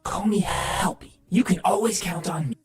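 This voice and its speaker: A woman voicing a glitchy male helper robot, eerily eager to help, in a breathy, broken game voice. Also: medium pitch, moderate pace, darkish tone, roomy sound, natural voice. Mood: eerie. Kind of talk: repeated game voice clip.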